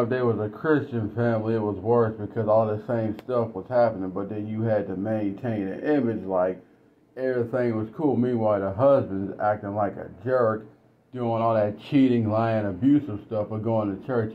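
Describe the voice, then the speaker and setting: A man's voice: on the low side, moderate pace, slight background noise. A man giving a blunt, casual storytelling monologue. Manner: blunt, conversational. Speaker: commentator. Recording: dull lo-fi recording.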